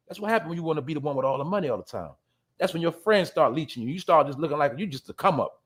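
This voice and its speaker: Male host with a high voice, brash and profane commentary style. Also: lively intonation, rapid-fire, fairly bright tone, slightly rough. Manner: profane, blunt, addresses listeners as y'all; laughs at his own jabs. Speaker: show host. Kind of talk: ranting commentary.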